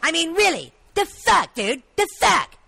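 A woman putting on a shrill, exasperated woman. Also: steady tone, racing, vocal fry, pushed and bright, heavily acted. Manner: incredulous, exaggerated outrage.

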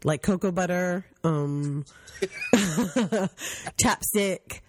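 A woman's voice: fairly low pitch, very slow, a little hiss or hum. A woman hosting a podcast in casual chat, blunt and profane, telling stories with mocking asides. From United States. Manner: blunt, profane, animated storytelling with mocking voices. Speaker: podcast host.

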